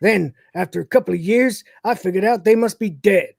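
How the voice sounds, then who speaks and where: A podcast host putting on the voice of a dim, drug-happy male mechanoid with a slow country drawl. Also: mid-range voice, vocal fry, no echo, studio quality, voice pushed up. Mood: dopey. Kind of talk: retelling an episode in character.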